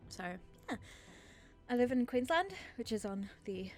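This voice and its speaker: A woman's voice: fairly high pitch, lively intonation, a little slow. Host, woman, 30s, Australian-born with an English-sounding lilt, nervous and self-deprecating, faint music under her voice. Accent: English-sounding, from a British father. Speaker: channel host. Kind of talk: nervous Q&A chat to camera.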